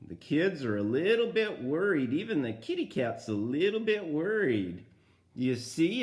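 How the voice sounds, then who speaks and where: Gentle older man reading a storybook. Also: on the high side, sing-song, unhurried. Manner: gentle, talks directly to young listeners. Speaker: grandfather reading a picture book aloud. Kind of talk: storybook read-aloud with asides to children.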